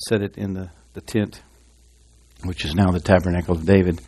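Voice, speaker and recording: A man's voice: deep voice, little pitch movement, brisk, warm tone. A man preaching a sermon in a church, rambling and folksy with asides and restarts, reading scripture aloud to his congregation. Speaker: pastor.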